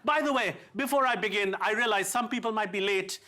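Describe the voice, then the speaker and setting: A man's voice: sits high, fairly quick, bright, forceful tone. A middle-aged man from India doing a wry, self-deprecating stand-up set on a theatre stage, now and then mimicking other voices. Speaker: stand-up comedian. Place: theatre stage before a live audience. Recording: live theatre with audience laughter.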